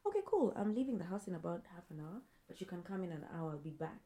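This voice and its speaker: A woman's voice: lowish voice, quick pace. A woman co-hosting a podcast, telling a personal story in a casual chat and acting out what her friends said. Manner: animated storytelling, acts out quoted friends, laughs often. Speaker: podcast co-host.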